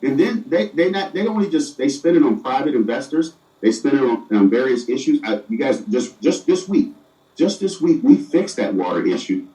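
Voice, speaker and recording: Middle-aged mayor, dark echoey sound. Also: male voice, mid-range voice, very animated, normal speed. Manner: earnest, stumbles and repeats words. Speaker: city mayor. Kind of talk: answering interview questions. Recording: echoey room, far from the mic.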